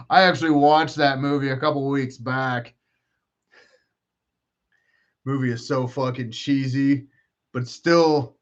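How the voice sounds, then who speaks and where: Guy rambling and swearing on a live stream podcast, kinda high voice, dull muffled sound. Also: moderate pace, a bit bright. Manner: profane, joking, rambling trash talk. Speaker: podcast host.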